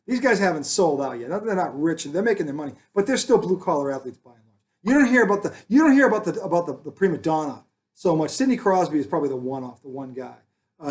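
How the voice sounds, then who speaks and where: Animated man talking sports. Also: a little high. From Boston area. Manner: animated, rambling, jokey, frequent restarts. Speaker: sports talk host. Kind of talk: casual sports chat.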